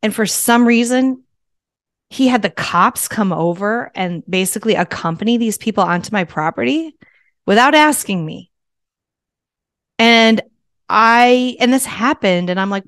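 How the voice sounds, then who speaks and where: A woman hosting a podcast, speaking to her listeners in a candid, profane, animated way as she tells a story. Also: a little high, a little slow, no echo, clean studio sound. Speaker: podcast host. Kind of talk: casual monologue to listeners.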